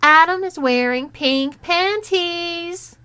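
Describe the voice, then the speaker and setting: A woman reading the lines of a mean teenage girl who taunts and sneers, at a slow pace. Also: very high-pitched, pushed and bright, pitched above the performer's own voice, heavily acted. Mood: shouting. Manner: sneering, demanding.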